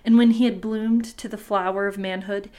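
A woman's voice: mid-range voice, steady tone, moderate pace, mellow. Woman reading an old myth aloud. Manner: reads old-fashioned prose aloud, breaking off for profane asides. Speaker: podcast host reading folktales. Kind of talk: casual storytelling podcast.

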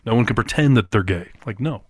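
A man's voice: on the low side, lively intonation, fast talker, darkish tone, husky, no echo. A man co-hosting a podcast, making his points in an emphatic, argumentative casual chat, close to the mic. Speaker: podcast co-host.

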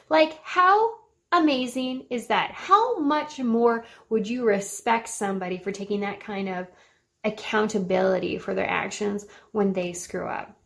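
A woman's voice: medium pitch, measured pace, vocal fry, a bit bright. A woman in her thirties hosting a motivational self-help talk, earnest and encouraging, with an occasional laugh. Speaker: podcast host.

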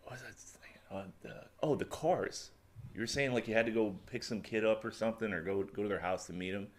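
A man's voice: fairly low pitch, quick pace. A young man co-hosting a casual podcast, blunt and sardonic, making dry jokes. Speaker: podcast co-host. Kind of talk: casual chat.

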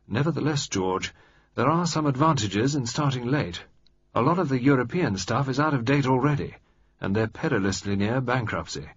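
A male narrator voicing a shrewd, self-assured older government minister who speaks in a dry, measured, decisive way. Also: medium pitch, animated, slightly rough, dry recording, voice pushed up. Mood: dry amused. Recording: slightly muffled dry recording.

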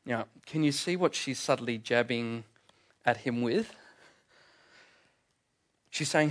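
A man's voice: medium pitch, takes it slowly, pauses often, a bit bright. A man preaching a sermon in a church, earnest and emphatic, with frequent fillers.

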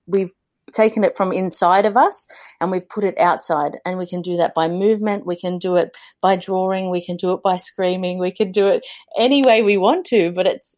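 A woman's voice: fairly low pitch, darkish tone. A woman, a guest talking earnestly about motherhood in a podcast interview, with frequent restarts. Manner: earnest, many restarts and fillers. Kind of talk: conversational interview.

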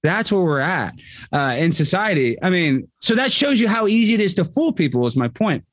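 A man rambles through a casual podcast chat, leaning hard on his points and leaping upward in pitch as he gets heated. His voice sits a touch high for a man. The sound is dry and close, with no room around it. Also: big pitch swings, normal speed, no echo. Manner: rambling, emphatic, swings pitch widely when worked up. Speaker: podcast guest.

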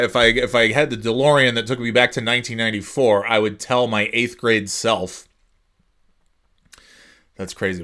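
Bright-voiced man rambling casually. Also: fairly low pitch. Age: 40s. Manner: rambling, sarcastic, does silly voices. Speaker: podcast host. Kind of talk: casual solo chat.

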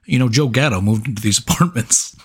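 A man's voice: medium pitch, expressive, brisk, slightly rough. A man co-hosting a podcast who banters in a teasing, profane way. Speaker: podcast co-host. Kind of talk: casual banter.

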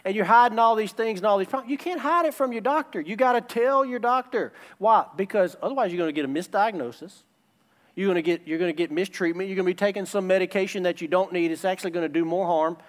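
A man's voice: high-pitched, quick pace. A man preaching a sermon as a pastor, emphatic and returning again and again to his key phrases.

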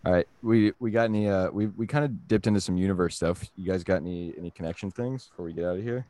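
Podcast host, man with a very low voice, jokey rambling riffs, dry booth sound. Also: fast, warm tone, dry recording. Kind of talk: casual movie podcast chat.

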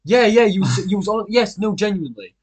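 A man's voice: high voice, very animated, a little fast, breathy edge. A man, co-hosting a podcast and reacting with short interjections in casual chat. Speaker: podcast co-host.

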